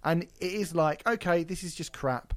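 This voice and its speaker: A man co-hosting a podcast, talking in a casual, animated and mocking way with plenty of swearing. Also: a little high, moderate pace, dry recording. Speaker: podcast co-host.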